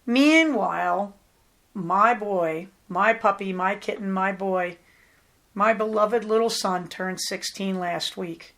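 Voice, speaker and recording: A woman's voice: mid-range voice, slow pace, a bit bright. Chatty woman podcast host, middle-aged. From Southern California. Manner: chatty, rambling and affectionate. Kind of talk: casual chat.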